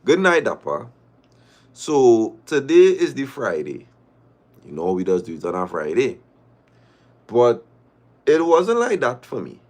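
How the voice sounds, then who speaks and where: A man hosting a livestream in casual, slangy banter, reacting in an animated way and calling listeners dog and boy. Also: mid-range voice, a little slow, pauses often. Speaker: livestream host.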